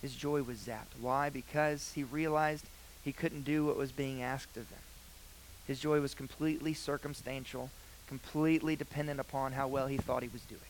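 A young man preaching a sermon, earnest, with loud emphatic phrases that drop to quiet, hushed lines. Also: mid-range voice, fairly even intonation, moderate pace, a little hiss or hum, rough recording.

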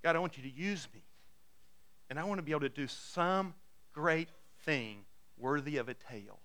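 A man's voice: animated, normal speed, sharp tone. A man preaching a sermon, retelling a Bible story in casual words and acting out the characters' lines. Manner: lowers his voice for the closing appeal. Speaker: pastor.

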